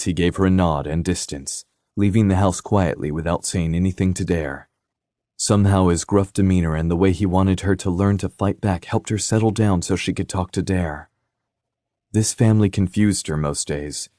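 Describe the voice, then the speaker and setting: A man narrates an audiobook from a script, his low-pitched voice keeping a measured, even storytelling pace. The recording is dry and clean, with studio-quality sound.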